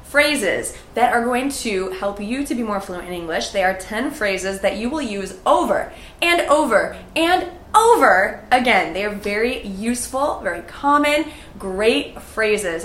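A North American woman teaching English phrases in an upbeat, deliberate way, modeling each phrase for learners to repeat. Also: medium pitch, animated, a bit bright. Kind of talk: enthusiastic language lesson. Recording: echoey room, faint ambient noise.

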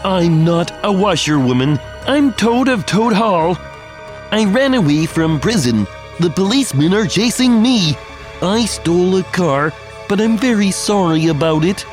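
A woman voicing a boastful runaway male toad in a storybook reading, with a lowered, rough voice. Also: animated, a little slow, darkish tone, faint music behind.

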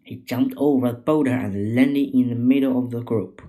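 A man reading a story aloud to children in a gentle, measured way. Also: mid-range voice, low-quality recording. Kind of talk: scripted narration.

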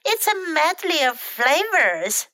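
A woman's voice: high voice, big pitch swings, slow, pushed and bright, dry recording, exaggerated voice. Woman doing a cheerful generous raccoon.

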